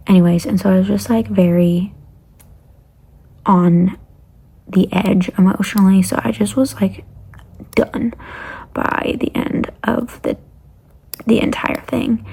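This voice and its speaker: A young woman recounting a travel mishap in a casual storytime. Her voice is gravelly and husky with a mellow, dark tone. She rambles and often sinks into a breathy near-whisper. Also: medium pitch. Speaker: travel vlogger.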